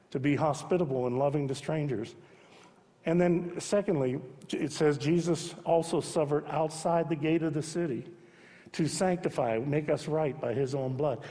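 A pastor delivering a sermon in a church sanctuary, his voice sitting a little high for a man. He presses his points hard, then drops into soft, hushed repetition. The sound rings with a long hall echo. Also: moderate pace. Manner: emphatic, swings between loud urging and soft hushed repetition.

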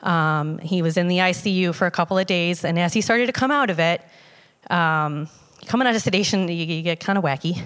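Woman, lowish voice, conversational personal testimony, halting with fillers; long hall reverb on the recording. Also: fairly bright tone, clean tone. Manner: conversational with many fillers and restarts. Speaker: storyteller sharing a personal testimony. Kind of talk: casual spoken personal story.

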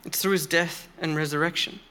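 A man's voice: on the high side, steady tone, brisk, bright, forceful tone, clean tone. A man preaching a sermon in a church, earnest and emphatic, speaking conversationally with occasional fillers.

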